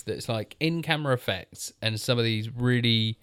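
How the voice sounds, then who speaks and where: A man's voice: mid-range voice, normal speed, hardly any pauses, a bit bright, clear, resonant tone, dry recording, studio quality. A man defending a film with enthusiasm on a casual review podcast. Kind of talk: casual chat.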